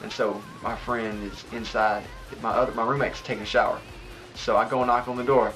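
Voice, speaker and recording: A man's voice: medium pitch, flat delivery, a little fast, a bit bright, soft background music, low-quality recording. A young man hosting a casual podcast from a home studio, telling stories in a rambling, laughing way. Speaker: podcast host.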